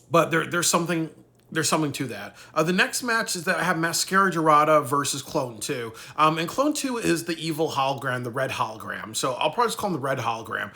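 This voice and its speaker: A man's voice: a little high, creaky, pushed and bright. A man talking casually in a rambling vlog, swearing freely and tacking "really" onto his points. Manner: rambling, profane, ends thoughts with "really". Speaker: wrestling commentator.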